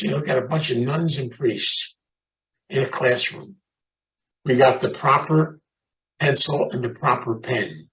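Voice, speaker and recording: A man's voice: mid-range voice, recorded from a distance, rough recording. Emphatic man telling stories to a room. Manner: animated, emphatic, chatty, calls out audience members. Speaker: speaker at a recovery meeting. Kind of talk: motivational storytelling talk to a live group.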